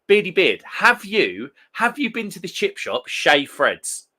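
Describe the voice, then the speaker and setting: A man's voice: sits high, wildly swooping pitch, a little slow, pushed and bright. A man hosting a beer live stream, chatting casually and rambling through viewer comments with plenty of restarts. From England.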